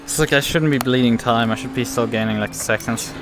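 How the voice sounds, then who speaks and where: A man's voice: mid-range voice, brisk. A man giving live commentary on his own racing, talking to himself, frustrated and swearing often. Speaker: sim racing streamer. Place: home racing rig. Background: music.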